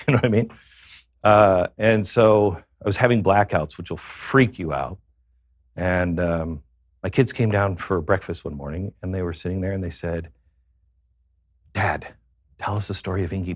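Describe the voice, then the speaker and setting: A man with a fairly low voice recounts a confessional personal story as a guest on a show. He speaks haltingly, pausing often and filling the gaps with fillers. The sound is dry and close, with no room echo. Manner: halting, with many pauses and fillers.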